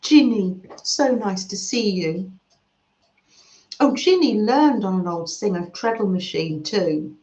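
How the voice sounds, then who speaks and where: A woman gently chatting with her livestream viewers and reading their comments aloud, with soft murmurs and coos. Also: mid-range voice, animated, slow. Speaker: craft livestream host. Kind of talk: casual chat reading live comments. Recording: slightly dull sound in an echoey room.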